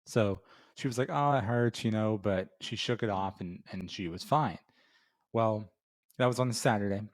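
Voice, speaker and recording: Man with a lowish voice, middle-aged, casual rambling talk, lots of ums and restarts, beer review host. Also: moderate pace. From Florida. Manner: rambling with many fillers and restarts.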